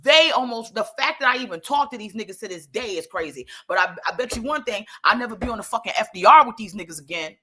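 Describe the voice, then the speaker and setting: A woman telling a story in casual chat, animated and profane, rambling through asides. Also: a little high, fast talker, few pauses, breathy edge.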